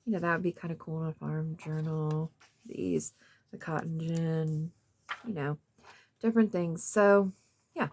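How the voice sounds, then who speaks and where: A woman in her fifties with a low, gravelly voice talks through a thrift haul in a loose, rambling way, full of fillers. A faint hiss sits under the recording. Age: 50s. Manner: rambling, chatty, many fillers. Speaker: craft vlogger. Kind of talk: casual show-and-tell of a thrift haul.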